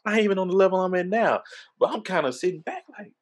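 A man's voice: high-pitched, quick pace. A man, telling a funny story in casual chat, emphatic and laughing often. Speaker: storyteller recounting a party.

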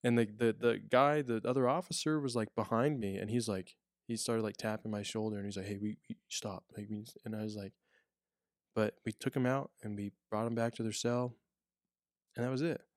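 Fairly low and steady, this man's voice moves at a fairly quick clip as he, a prison officer, spins stories in casual podcast talk full of restarts and fillers. The studio sound is clean, with no room sound.

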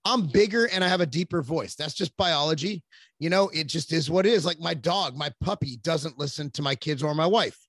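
A man's voice: fairly high pitch, brisk, a bit bright, no room sound. A man in his forties, a podcast guest, telling long rambling stories in casual chat with plenty of cursing. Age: 40s. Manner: rambling, profane storytelling.

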